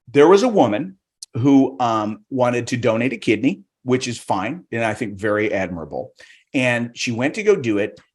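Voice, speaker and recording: A middle-aged man doing a stand-up set over a video call, self-deprecating and rambling, restarting his sentences. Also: mid-range voice. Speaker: guest comedian.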